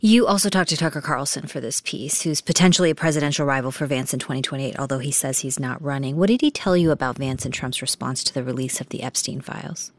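A woman anchors a radio news interview, her voice low and steady. She puts measured, probing questions to her guest. The sound is dry and close, with no room echo. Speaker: news show host.

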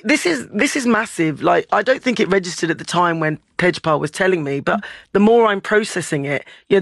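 A woman's voice: lowish voice, no room sound. Woman, 30s, radio guest, earnest, fillers, dry mic. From England. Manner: earnest, reflective, with many fillers. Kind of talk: radio discussion.

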